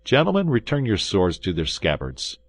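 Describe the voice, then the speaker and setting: A man's voice: on the low side, wildly swooping pitch, moderate pace, no room sound, exaggerated voice. A man voicing a bold young male swordsman from a classic adventure audiobook, firm and commanding with a raised voice.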